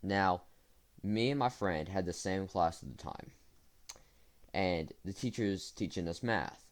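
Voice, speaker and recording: A young storytime vlogger rambles through a tale for his viewers, his low voice keeping a measured pace. He's casual, full of fillers, restarts and self-corrections.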